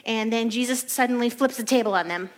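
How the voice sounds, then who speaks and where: A woman's voice: a little high, fast. Chatty woman teaching the Bible. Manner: chatty and animated, laughs often, says "like" a lot. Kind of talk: casual Bible study teaching.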